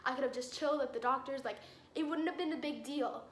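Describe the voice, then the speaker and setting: A woman's voice: sits high, fast. Exasperated teen girl telling a storytime. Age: teens. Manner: exasperated, filler-heavy retelling. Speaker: vlogger. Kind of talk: storytime vlog. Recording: roomy echo with faint ambience.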